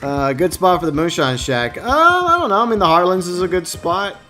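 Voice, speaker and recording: A man's voice: sits high, very animated, moderate pace, bright, forceful tone. Casting note: male gamer streaming live, chatty and joking, light game music behind. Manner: chatty, reads viewer comments, mock-whiny jokes. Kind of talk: casual live-stream chat.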